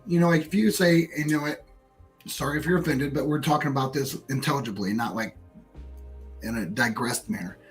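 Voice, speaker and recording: A man's voice: medium pitch, fairly quick, soft background music. An American man telling a story in casual, profanity-laced pub chat. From United States. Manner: animated storyteller, swears freely.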